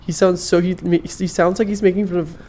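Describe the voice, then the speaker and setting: A man hosting a podcast, explaining things in an animated, rambling way full of fillers. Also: high voice, fairly quick. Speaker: podcast host. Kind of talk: casual chat.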